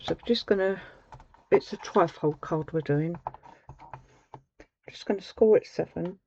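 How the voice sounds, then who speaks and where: A woman talks slowly through a craft demonstration, rambling with frequent ums. Her voice is soft and mellow. The recording sounds a little muffled, with a faint background hiss. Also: lowish voice. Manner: chatty, rambling, with many ums. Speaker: craft tutorial host. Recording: slightly dull home recording.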